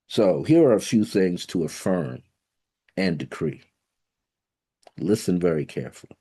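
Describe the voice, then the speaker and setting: A man with a deep, mellow voice gives a motivational spiritual teaching talk. His delivery is conversational, with an occasional chuckle. He slows down to press each key word and affirmation home. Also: very animated, creaky, breathy edge. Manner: emphatic, slows down to stress key words and affirmations.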